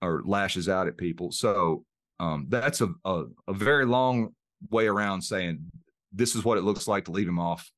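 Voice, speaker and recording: Middle-aged male guest with a very low voice, earnest and emotionally open, dry close mic. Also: normal speed, fairly bright tone, no room sound. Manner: earnest, open about emotion, repeats words while searching. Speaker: podcast guest, mind coach. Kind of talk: reflective interview storytelling.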